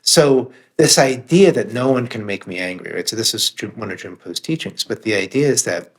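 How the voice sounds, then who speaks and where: A man's voice: on the low side, lively intonation, normal speed. Earnest reflective man, candid talk. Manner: earnest, reflective, swears for emphasis, acts out angry outbursts. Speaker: author and meditation teacher, guest. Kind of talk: candid podcast conversation.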